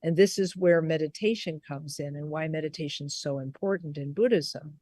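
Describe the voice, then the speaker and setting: A woman Buddhist teacher telling a story on a video call, unhurried and given to restarts and repeated words. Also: deep voice, a little mellow. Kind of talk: storytelling in a recorded conversation.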